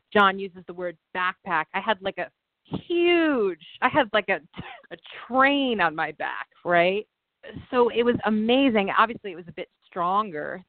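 A woman co-hosting a casual chat, telling stories in an earnest, animated way and often restarting her sentences. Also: mid-range voice, no room sound. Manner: earnest, animated storytelling with many self-restarts. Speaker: podcast co-host. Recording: tinny phone-like, dry sound.

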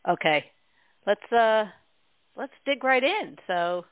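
A woman hosting a podcast interview in a relaxed way with many fillers, heard over a phone-like line. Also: a little high, takes it slowly, dry recording. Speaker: host.

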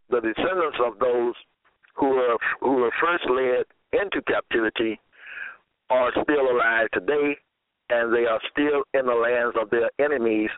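A man preaching a sermon and reading scripture aloud, slow and deliberate, often repeating phrases. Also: mid-range voice, dry recording. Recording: tinny phone-line audio.

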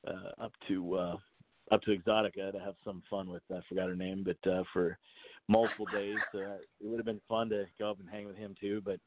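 A deep-voiced man talks fairly quickly with a flat delivery over a tinny phone line. He's an inventor calling in as a guest for a casual chat, rambling and chuckling with lots of fillers and restarts.

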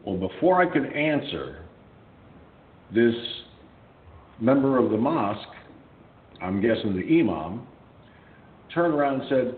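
A man hosting a radio show, telling a story in a blunt, profane, animated way. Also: medium pitch, slow, long pauses. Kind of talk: casual storytelling. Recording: echoey tinny phone-like line with faint hum.

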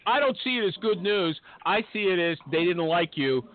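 Man, host, casual panel chat, jokey, high-pitched, phone-line audio. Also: expressive, moderate pace, background noise. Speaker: podcast host.

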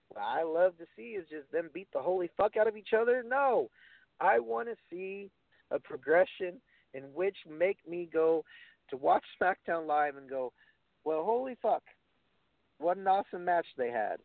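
A man's voice: fairly high pitch, gravelly, no echo. Blunt man on a tinny line. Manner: blunt, swears, rambles with restarts. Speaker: wrestling podcast co-host. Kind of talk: casual opinionated chat. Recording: phone-like, dry.

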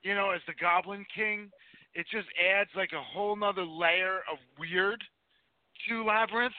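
High-voiced profane man on a tinny line. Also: moderate pace, no echo. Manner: profane, animated ranting. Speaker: podcast co-host. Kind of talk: casual chat.

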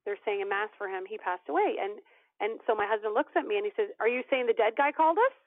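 A woman guest telling a personal story in an animated way, acting out the voices of the people in it. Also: medium pitch, fast, no room sound. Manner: animated storyteller, acts out quoted dialogue. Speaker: podcast guest. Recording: tinny phone-line audio, dry.

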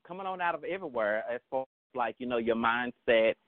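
A man's voice: mid-range voice, animated, quick pace, no room sound. A thirty-year-old man from Dallas with a Southern Texas accent, a female impersonator answering interview questions in a sassy, drawling way. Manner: sassy, drawling, calls people baby. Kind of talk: casual interview. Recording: dry, tinny phone line.

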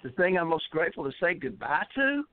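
A man's voice: a little high, big pitch swings, fast, slight background noise. A man who is a poet and regular caller, chatting in a rambling, upbeat way. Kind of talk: casual chat. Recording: tinny phone line.

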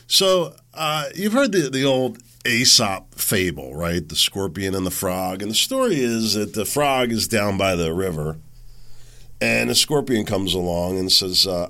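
A man's voice: fairly low pitch, expressive, a little slow, sharp tone. A man hosting a podcast in a rambling, folksy solo talk, sick with a head cold. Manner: rambling and folksy, with frequent fillers. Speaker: podcast host. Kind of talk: casual monologue.

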